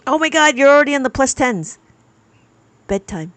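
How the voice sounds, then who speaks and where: A woman's voice: high-pitched, very animated, moderate pace, no echo. A woman teaching abacus on a live stream, chatting with viewers and reading their comments aloud.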